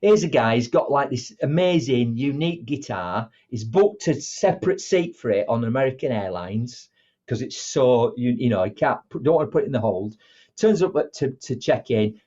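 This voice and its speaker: Husky guy, middle-aged, tells stories and does all the voices, dull lo-fi sound. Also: medium pitch, normal speed. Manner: animated, acts out dialogue in different voices. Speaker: motivational speaker, guest. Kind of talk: conversational storytelling.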